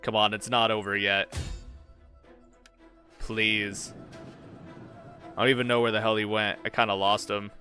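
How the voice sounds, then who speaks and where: Young male streamer, bright edgy tone, hotheaded, cusses, faint music behind. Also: fairly low pitch, unhurried, pauses often. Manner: excitable, swears when frustrated. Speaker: game streamer. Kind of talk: live gameplay commentary.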